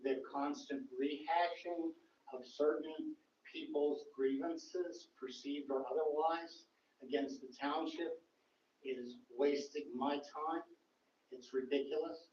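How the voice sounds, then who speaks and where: A man makes a steady, indignant complaint during public comment in a township meeting room. His fairly high voice is heard from well off the mic. The room echo is roomy, and the recording sounds dull and lo-fi. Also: far from the mic. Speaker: resident speaking at public comment.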